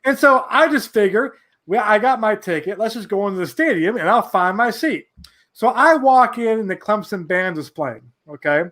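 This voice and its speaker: A man in his forties from New York, a podcast guest telling a rambling, animated anecdote full of restarts. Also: high-pitched, normal speed. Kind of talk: casual storytelling.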